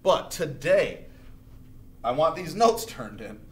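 A man teaching high school history in a casual, chatty lecture, acting out historical figures as he goes. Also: sing-song, takes it slowly. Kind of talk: recorded classroom lecture. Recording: echoey room recording.

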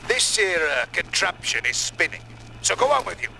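An actor playing a gruff, impatient, foul-mouthed middle-aged uncle in a game. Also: male voice, sits high, big pitch swings, normal speed, bright, forceful tone, slight background noise, heavily acted, low-quality recording.

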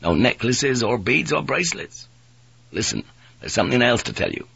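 A man voicing a steady ship's pilot who speaks in a kind, level, measured way. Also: medium pitch, vocal fry, breathy edge, no echo, exaggerated voice.

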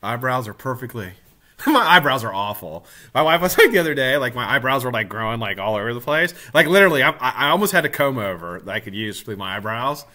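Tired middle-aged guy live streaming, lively swings in pitch, bright voice, cusses a lot. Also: fast talker. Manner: animated, swears freely, greets viewers by name. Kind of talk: casual live stream chat.

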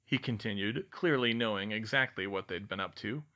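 A man narrating a fan-fiction audiobook in a steady, clear manner. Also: on the low side, normal speed, hardly any pauses. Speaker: audiobook reader.

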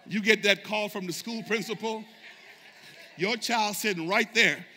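A man preaching a sermon as pastor, shouting fervently and calling out to his congregation for responses. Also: sits high, measured pace, a little hiss or hum. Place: church sanctuary. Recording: echoey church sanctuary reverb.

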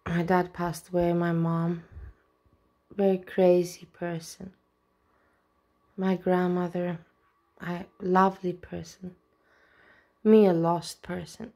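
A woman's voice: on the low side, flat delivery, slow pace, pauses often, a little mellow. A woman vlogger talking casually and openly emotional, with a rambling way of speaking. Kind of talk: casual reaction vlog.

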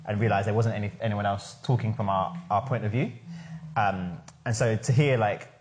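A man's voice: on the low side, fairly even intonation, moderate pace, a little mellow, slight background noise. A man hosting a casual podcast discussion, talking enthusiastically in a chatty way with lots of "like". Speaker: podcast host and founder.

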